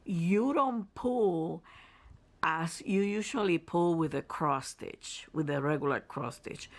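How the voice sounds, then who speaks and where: A craft vlogger talks viewers through a review at an unhurried, slow pace, with a gravelly, creaky edge to the voice. The delivery is chatty and explanatory, with phrases often restarted mid-sentence. Materials are held up to the camera while the speaker explains. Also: mid-range voice, fairly bright tone. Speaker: crafter and channel host. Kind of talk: casual craft review and tutorial talk.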